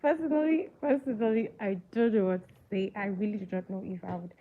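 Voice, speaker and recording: A woman's voice: medium pitch, flat delivery, fast. A woman hosting a casual live movie chat, talking to viewers and often asking them questions, with many fillers. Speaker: livestream movie reviewer. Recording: tinny phone-like line with faint hiss.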